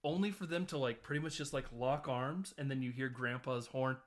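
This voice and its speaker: Male podcast host, average pitch, casual scene-by-scene movie recap with playful quoted voices. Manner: retells scenes with quick quoted character voices and laughs.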